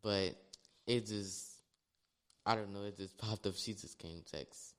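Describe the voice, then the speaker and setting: Young man, New Orleans accent, low voice, animated storyteller, casual chat. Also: measured pace, clear, resonant tone. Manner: animated storyteller, acts out quotes in a high voice. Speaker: dancer guest.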